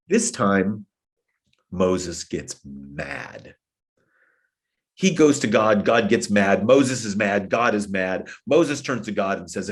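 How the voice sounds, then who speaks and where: A man preaching to a gathering of church leaders, his pitch swinging widely as he tells stories. He acts out the people he quotes, shifting between their voices and his own. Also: measured pace. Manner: animated storytelling, acting out quoted voices. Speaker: guest speaker at a church meeting. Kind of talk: sermon-style plenary talk.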